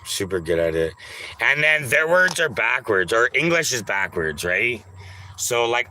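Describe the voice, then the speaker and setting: A man streaming and reading chat in a casual way, teasing viewers, crude and offhand, repeating names in drawn-out pleading calls. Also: lowish voice, pushed and bright, slight background noise.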